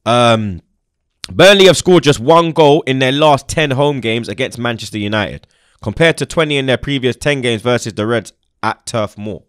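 Young guy chatting football, loud slangy banter, swears a lot, dry close sound. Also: mid-range voice, moderate pace, clear, resonant tone, no echo. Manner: animated, slangy, swears, laughs often. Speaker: football channel host. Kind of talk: casual football chat.

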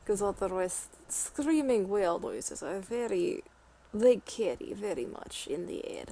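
A woman's voice: medium pitch, animated, measured pace, creaky, dark tone. A woman streaming a game, chatting and joking with friends. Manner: joking, playful. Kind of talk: casual gaming chat.

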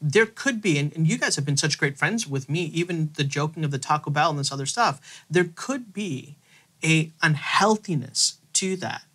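A man on a faith podcast, retelling a Bible passage in an animated storytelling way and acting out the quoted lines. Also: on the high side, normal speed, slightly rough. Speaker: theologian co-host.

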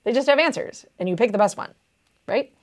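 A young woman tutoring test prep in a playful, animated way, acting out what students think. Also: a little high, fairly quick. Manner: playful, acts out students' inner voices.

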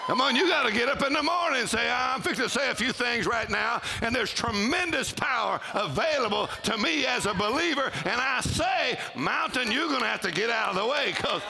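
A man, preaching a sermon with shouted exclamations and call-and-response to his congregation. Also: extremely high pitch, animated, fairly quick, creaky, hardly any pauses. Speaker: pastor. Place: church auditorium with congregation.

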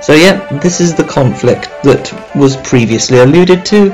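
A man's voice: on the high side, expressive, normal speed, music in the background. A man hosting a let's play, chatting in a joking, self-mocking way and reading game dialogue aloud.

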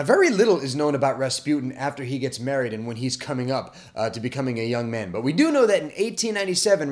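A young man hosting a history show, explaining in a casual, chatty and animated way. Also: mid-range voice. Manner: chatty and animated, with frequent fillers and restarts. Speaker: podcast host.

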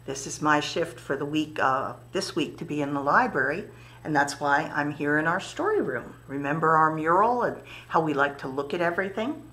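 A woman leading a story time for toddlers in a library story room, speaking gently and encouragingly to little children and their parents. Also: deep voice.

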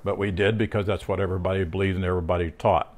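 A man with a low, slightly mellow voice speaks very fast in a steady tone while giving an informal Bible teaching. He rambles with frequent restarts and filler words, drifts into personal stories, and checks in with his listener through tag questions.

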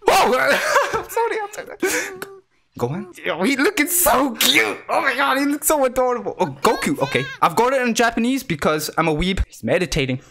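Woman, let's play commentary, excitable, giggly, swears a lot, very lively pitch. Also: brisk, hardly any pauses. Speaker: gamer. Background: game music.

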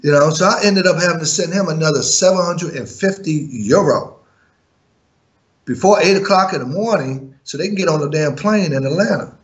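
A man from Europe who once managed a music group gives an interview, telling his side of things with indignant, animated storytelling packed with fillers and restarts. His voice sits a little high at a moderate pace, and the highs are cut off.

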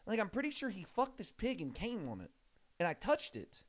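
A young man streaming a game, chatting casually, swearing often and rambling excitedly. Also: high-pitched, moderate pace. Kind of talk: casual livestream chat.

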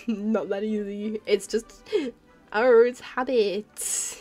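A woman's voice: mid-range voice, drawn-out words, pauses often, a little mellow, soft background music. A tired woman streamer chatting casually while she draws, rambling, apologizing and laughing often. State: tired and yawning. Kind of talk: casual chat while drawing.

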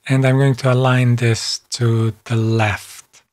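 A man calmly narrating a screen-recorded software tutorial, step by step. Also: medium pitch. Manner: calm, step-by-step, unhurried. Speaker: software instructor.

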